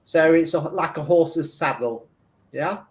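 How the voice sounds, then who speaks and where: A man with a fairly high, slightly slow voice rambles through a psychic reading as a tarot reader and medium on a live stream. His intuitive reading is chatty and meandering, full of fillers and restarts, and he acts out his own inner arguments.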